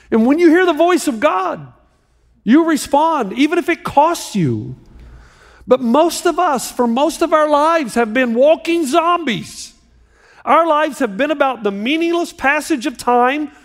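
A man preaching a sermon as pastor, animated and joking with a live audience in a large hall. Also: extremely high pitch. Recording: long hall reverb.

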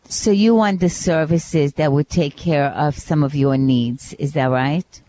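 A woman with a notably low voice co-hosting a radio talk show. She sounds friendly and encouraging as she asks clear questions, with faint noise behind her. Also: measured pace, dark tone. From Brooklyn. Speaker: co-host.

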